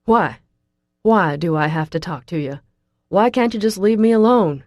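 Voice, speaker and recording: A woman's voice: medium pitch, lively intonation, moderate pace, no room sound, dull audio, lightly acted. A woman voicing an angry, frightened young male college student who talks in a harsh, accusing way.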